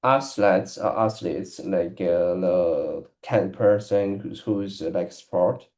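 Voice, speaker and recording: Halting, low-voiced man practicing English. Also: a little mellow. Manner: halting, hesitant, with many restarts and fillers. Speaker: English learner. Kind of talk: casual practice conversation.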